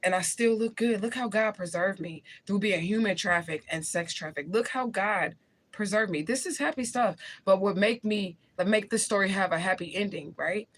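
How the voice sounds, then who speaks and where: Here a livestream host in her forties, hailing from St. Louis, Missouri, chats with viewers and reads their comments aloud. Her lowish voice has a slight brightness, and her manner is blunt and full of slang, broken up by frequent laughs.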